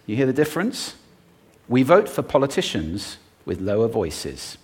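A man giving a talk on stage to a live audience, playful and expressive, demonstrating vocal techniques as he speaks. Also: mid-range voice, normal speed.

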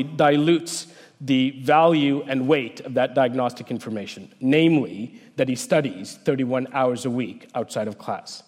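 A man, a researcher, giving a prepared talk in a measured, explanatory way. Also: medium pitch, darkish tone. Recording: long hall reverb.

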